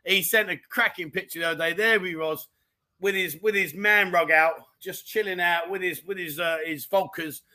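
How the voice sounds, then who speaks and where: Bright, high-voiced man chatting live. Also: normal speed. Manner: chatty and animated, full of mate and diamond geezer slang. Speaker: livestream host reading viewer comments. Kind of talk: casual livestream chat. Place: home in Thailand.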